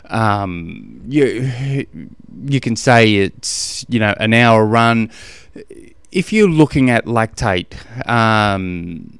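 Casual Australian male podcast host, middle-aged, rambling and self-mocking, smooth voice, dry close mic. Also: lowish voice, expressive, extremely slow, a bit bright, no echo. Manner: rambling, self-deprecating, laughs often. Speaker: podcast host, endurance coach. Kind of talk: casual solo podcast chat.

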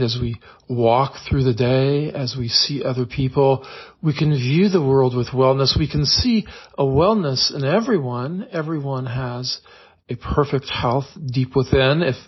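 A man hosting a daily guided visualization, leading the listener through breathing and affirmations in a slow, calm, repetitive manner. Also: medium pitch, breathy edge, lo-fi sound. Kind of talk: guided meditation.

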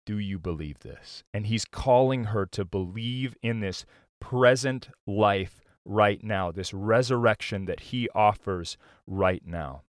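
Male pastor, earnest sermon delivery, low voice, dry close sound. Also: dry recording. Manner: slow, earnest preaching with many restarts.

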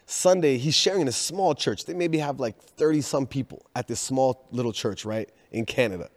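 A man telling a family story in casual chat, animated, laughing often and acting out the people he quotes. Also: mid-range voice, normal speed, in a large hall.

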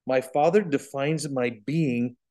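A man voicing a young son who gently rebukes his worried parents, speaking slowly and with emphasis. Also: mid-range voice, close to an everyday voice. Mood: reproachful. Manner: slow, emphatic, lightly reproachful.

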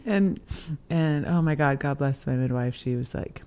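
Low-voiced woman telling a story. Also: moderate pace, clean tone. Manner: animated, laughs between phrases, lively quoted voices. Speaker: podcast co-host. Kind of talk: casual storytelling chat.

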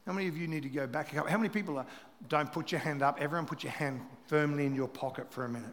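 A middle-aged man preaching a sermon as pastor, telling stories with animated delivery that swings between loud and hushed. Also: a little high, rapid-fire. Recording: reverberant hall.

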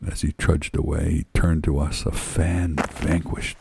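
A man's voice: very deep voice, fairly even intonation, normal speed, gravelly, hardly any pauses, noisy background. A man reading a story aloud in a wry, first-person storytelling manner. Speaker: narrator.

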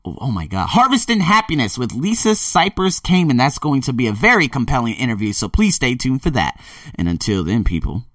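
A man hosting a motivational podcast, rambling energetically and swinging between loud excitement and quiet earnestness. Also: medium pitch, fairly quick, no room sound, studio quality, far from the mic. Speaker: podcast host. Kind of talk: motivational monologue.

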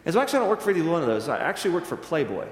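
A male minister preaching a sermon, his fairly high voice ringing through a roomy sanctuary. He tells the story with animation and acts out the dialogue. A long reverb trails every phrase. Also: big pitch swings, very fast, noisy background. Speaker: Presbyterian minister. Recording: echoey church hall with long reverb.

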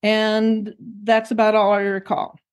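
A woman's voice: mid-range voice, monotone, unhurried, clear, resonant tone. Older woman, reflective storyteller. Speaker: interview guest. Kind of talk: personal recollection in an interview.

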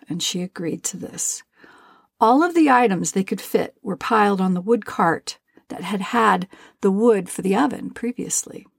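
Gravelly woman reading a fairy tale. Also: mid-range voice, no room sound, studio quality. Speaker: storyteller. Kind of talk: storybook narration.

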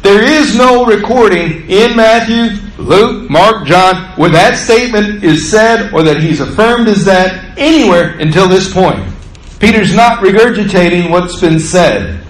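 A man preaching a sermon as pastor, acting out quotes with rising pitch and volume. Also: measured pace. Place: church sanctuary. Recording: echoey church room, faint ambience.

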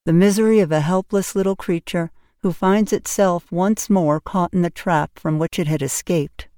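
A woman narrating an audiobook with clear, expressive reading. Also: fairly low pitch, moderate pace, dry recording, clean studio sound. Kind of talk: scripted narration.

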